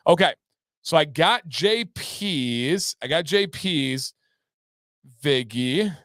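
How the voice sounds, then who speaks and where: A man's voice: on the high side, animated, takes it slowly, fairly bright tone, dry recording, studio quality. A man hosting a casual livestream, reading out chat comments in an upbeat, playful way. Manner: upbeat, reads chat aloud and breaks into playful raps. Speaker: livestream host.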